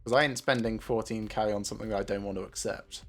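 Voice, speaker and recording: A man giving casual gameplay commentary as a streamer, thinking aloud with many filler pauses. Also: fairly low pitch, fairly even intonation, soft background music.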